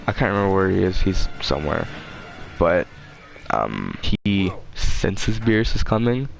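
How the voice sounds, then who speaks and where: A man's voice: low voice, very animated, a little slow, creaky, faint music behind. A man hosting his own channel, rambling casually and swearing freely as he loses his train of thought. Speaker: channel host.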